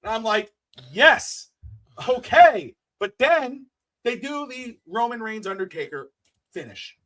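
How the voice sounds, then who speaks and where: Excitable high-voiced man recapping wrestling. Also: normal speed. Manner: excitable, swears, laughs often, acts out moments. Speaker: podcast co-host. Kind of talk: casual wrestling podcast chat.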